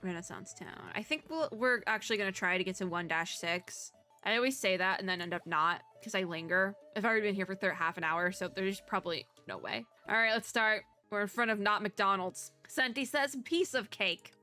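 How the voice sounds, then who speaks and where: A woman's voice: medium pitch, brisk, bright, forceful tone, faint music behind. A young woman streamer chatting casually and laughing as she plays through a game and reads its lines aloud. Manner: chatty, giggly, self-deprecating asides. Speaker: VTuber streamer. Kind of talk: casual let's-play chat, reading game dialogue aloud.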